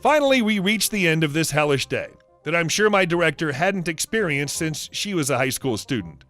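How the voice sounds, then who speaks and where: A man narrating reddit stories aloud, with lively storytelling and acted quotes. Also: on the high side, fairly quick, soft background music.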